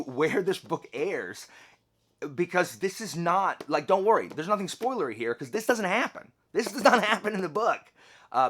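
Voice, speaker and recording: A man's voice: fairly high pitch, a bit bright. A man hosting a book review channel, talking casually and rambling with asides and restarts. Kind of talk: casual chat to camera.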